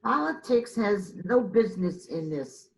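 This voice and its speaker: A woman's voice: medium pitch, lively intonation, a little slow, vocal fry, low-quality recording. A woman co-hosting a local public access talk show, earnest and opinionated in casual chat. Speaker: co-host.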